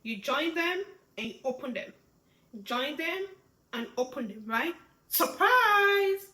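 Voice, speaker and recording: A woman teaching a beginners' sign language lesson, pregnant and expressive. Her voice is high and bright. She keeps checking in with "right?", and the room adds a clear echo. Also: a little slow. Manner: expressive, often asks "right?". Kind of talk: instructional lesson.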